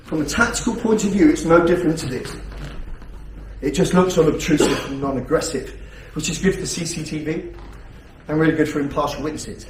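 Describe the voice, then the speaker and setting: Blunt, swearing instructor in an echoey hall. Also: male voice, a little high, a little hiss or hum. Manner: blunt, heavily profane, rhetorical questions. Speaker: self-defence instructor. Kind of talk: teaching a class. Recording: echoey hall, distant mic.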